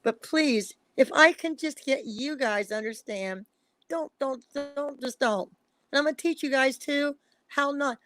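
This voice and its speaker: A woman's voice: high-pitched, measured pace, fairly bright tone. A woman talking as a guest psychic reader on a live stream, emphatic and repetitive, pleading with her listeners. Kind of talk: emotional casual live-stream talk.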